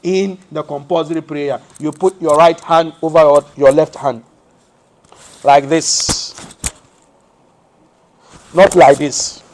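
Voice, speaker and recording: A man's voice: on the high side, fairly even intonation, unhurried. A man from Africa, teaching a study lesson in a mosque. He asks rhetorical questions and answers them himself, explaining step by step. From West Africa. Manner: explains step by step, shows hand positions as he speaks. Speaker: Islamic teacher.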